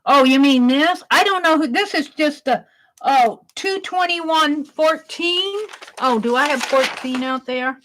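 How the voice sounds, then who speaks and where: A woman's voice: high-pitched, a little slow, fairly bright tone, poor audio. A woman chatting on a live art stream, talking through her sketch and reading viewers' comments aloud. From Wisconsin. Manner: chatty, reads chat aloud while sketching.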